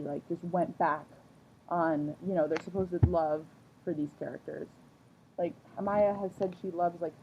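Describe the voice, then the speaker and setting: A young woman in a heated, profane rant, her words tumbling out with "like" after "like". Her voice sits fairly low for a woman. The recording is dull and lo-fi, with a faint hiss underneath. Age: young adult. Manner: swears often, heavy "like" filler, fired up. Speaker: vlogger. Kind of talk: angry rant to camera.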